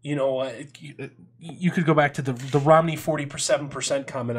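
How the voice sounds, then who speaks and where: A man co-hosting a sports talk show, debating bluntly and cutting in with quick quips. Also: medium pitch, steady tone, breathy edge. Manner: blunt, argumentative, cuts in with quips. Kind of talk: casual debate.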